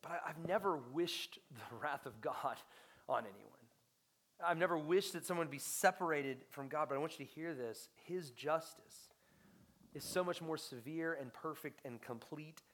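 A young adult man preaches a sermon as pastor, his voice on the high side at a moderate pace. He's passionate, swelling to loud emphasis and then sinking to hushed near-whispers.

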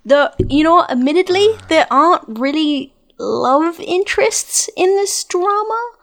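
A woman's voice: extremely high pitch, expressive, a little slow. A woman chatting casually about a TV show, agreeable and full of fillers. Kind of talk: casual chat.

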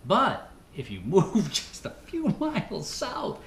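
Lively, wisecracking man podcast co-host. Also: high voice, slow pace. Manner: wisecracking, animated, deadpan asides. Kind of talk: casual chat. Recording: roomy echo, faint hiss.

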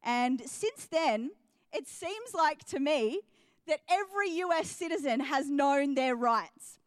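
A young woman preaching a sermon in a high, bright-pitched voice. She is earnest and builds her points into emphatic, repeated declarations. The sound is close and dry, with no room around it. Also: lively intonation, slow, dry recording. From New Zealand and Australia.

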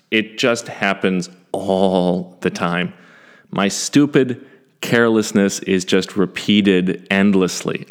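A man in his forties telling a first-person story in a self-deprecating, animated way, with some swearing. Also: low voice. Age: 40s.

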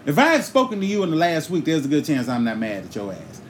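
A man hosting a podcast, telling a comic story in a loose, profane, animated way and breaking into sung bits now and then. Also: a little high, fast, slight background noise. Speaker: podcast host.

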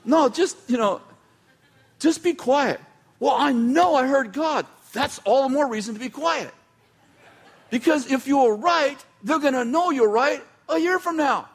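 A man's voice: very high-pitched, expressive, a little slow. A man preaching in a casual, conversational style, often breaking off mid-sentence and adding wry asides. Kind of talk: conversational sermon.

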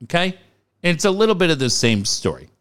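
A man's voice: fairly high pitch, big pitch swings, fast, a bit bright, smooth. A man from Cardiff telling a story in casual chat, profane, laughing and acting out the voices.

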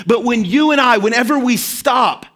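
A man's voice: very high voice, lively intonation, normal speed, a bit bright. A man preaching a sermon as pastor, telling a story earnestly and acting out quoted prayers.

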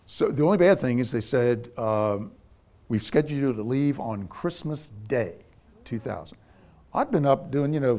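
Middle-aged man telling a story. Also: medium pitch. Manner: animated anecdote teller, voices quoted people. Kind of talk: casual storytelling.

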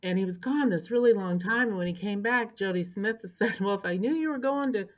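Older woman, lively emotional storyteller. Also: mid-range voice, fairly quick. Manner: animated storyteller, acts out quotes, turns emotional. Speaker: interview guest, longtime local government official. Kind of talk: storytelling in a podcast interview. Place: indoor podcast recording.

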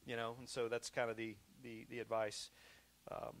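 A man's voice: medium pitch, monotone, normal speed. Man preaching a conversational sermon. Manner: conversational preaching with repetitions, swinging from loud to hushed. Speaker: pastor.

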